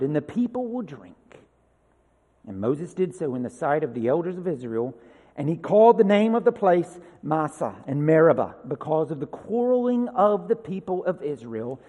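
A man with a high, light voice preaches a sermon, reading scripture aloud with lifted emphasis. Between readings he drops into a loose, chatty tone. The sound rings with a long reverb from a large hall. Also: darkish tone. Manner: reads scripture with rising emphasis, then talks casually. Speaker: pastor.

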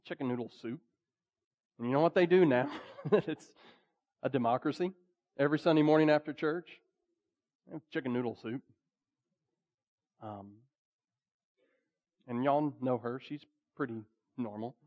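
A man preaching a sermon in a conversational way, with frequent fillers and lively emphasis. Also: medium pitch, normal speed, long pauses, dull audio. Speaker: pastor.

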